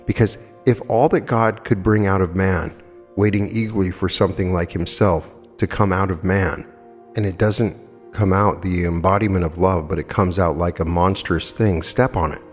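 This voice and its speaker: Deep-voiced man in his fifties lecturing. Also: fairly even intonation, moderate pace, in a large hall, faint music behind. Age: 50s. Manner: earnest, emphatic storytelling with rhetorical questions. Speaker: metaphysical lecturer. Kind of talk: spiritual lecture with anecdotes.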